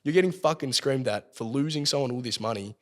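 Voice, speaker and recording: A man's voice: mid-range voice, fast. An Australian man telling a long story as a podcast guest, swearing constantly and rambling as he goes. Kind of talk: casual storytelling. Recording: long hall reverb.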